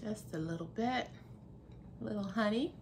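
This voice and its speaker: A woman's voice: medium pitch, moderate pace, a little hiss or hum. A young woman hosting a casual cooking vlog, chatty and laughing often as she talks to her viewers. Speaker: cooking vlogger.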